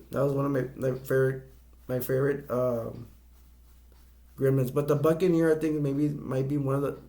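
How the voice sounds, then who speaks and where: A middle-aged man giving a casual, rambling movie review, halting often and restarting his sentences. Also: medium pitch, vocal fry, warm tone.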